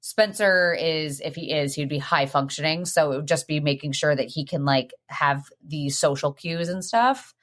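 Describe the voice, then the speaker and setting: A woman's voice: sits low, moderate pace, hardly any pauses. A young woman hosting a podcast, chatting casually and acting out quotes as she tells stories. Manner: animated storytelling, acts out quotes. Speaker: podcast host. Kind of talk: casual chat.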